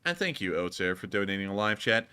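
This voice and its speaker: A man hosting a casual live stream, animated and quick to laugh. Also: low voice, smooth. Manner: animated, laughs often, says y'all. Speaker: host.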